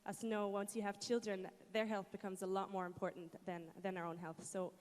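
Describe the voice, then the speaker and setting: A woman's voice: mid-range voice, level tone, a little fast, a little mellow. Earnest woman panelist in a reverberant hall. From Egypt. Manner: earnest, thoughtful, with hesitations. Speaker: panelist, entrepreneur. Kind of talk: panel answer.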